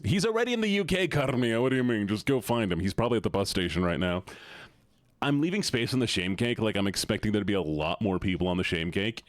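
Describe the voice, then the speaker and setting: Young guy streaming, lowish voice that swings a lot, jokey, swears, talks to chat. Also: no echo. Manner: joking, profane, talks straight to chat. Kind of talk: casual live-stream chat.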